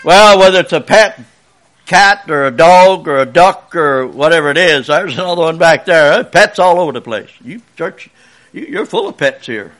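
A man with a high, forceful voice tells a folksy story in a church service, the way a preacher speaks to the children. He keeps it chatty and asks the room questions as he goes. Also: expressive, normal speed.

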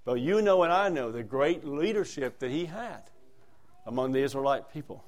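This sermon comes from a mid-range male preacher speaking expressively at a normal speed. His volume swings sharply between hushed asides and forceful, emphatic lines, and scripture passages ring out as he declaims them in a raised voice.

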